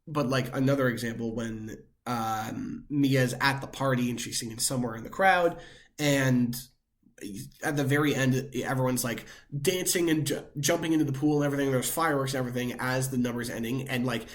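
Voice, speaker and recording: A young man co-hosting a pop culture podcast in casual chat. His pitch sits mid-range for a man. He talks loosely, circling back with plenty of filler words. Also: fairly even intonation, brisk. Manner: rambling, many "like" fillers. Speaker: podcast co-host.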